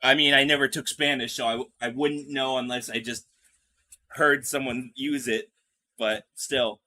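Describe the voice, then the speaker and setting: A man's voice: mid-range voice, steady tone, unhurried, pushed and bright. A young man streaming a video game live, chatting with his viewers, joking, and reading the game's lines aloud. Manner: chatty and jokey, reads game lines aloud, talks to chat.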